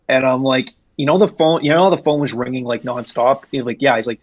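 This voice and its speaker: A man's voice: medium pitch, fast talker, hardly any pauses, no echo, dull audio. A young man telling a workplace story in a casual interview, rambling with restarts and fillers. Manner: rambling, frequent restarts and fillers, animated when retelling. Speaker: guest, former retail employee.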